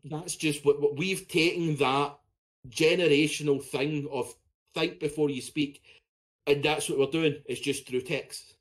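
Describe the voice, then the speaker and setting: A man's voice: a little high, fairly even intonation, measured pace. A man co-hosting a podcast in casual, blunt, sweary chat. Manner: blunt, sweary, talks in short bursts. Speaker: podcast co-host.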